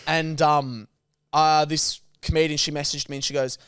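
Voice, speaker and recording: Animated, swearing man, smooth voice. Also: on the high side, moderate pace, no room sound, clean studio sound. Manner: animated storyteller, swears freely. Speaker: podcast host. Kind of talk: casual chat.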